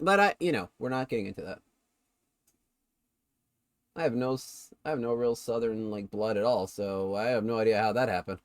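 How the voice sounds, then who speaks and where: A man streaming himself calling a football video game play-by-play in a casual way, correcting himself and bursting with excitement on big plays. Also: lowish voice, normal speed, long pauses, no room sound.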